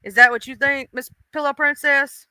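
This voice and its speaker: A woman's voice: high voice, steady tone, moderate pace, bright, forceful tone, no echo. A woman hosting a casual livestream, chatting emotionally and greeting viewers in chat by name. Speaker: livestream host.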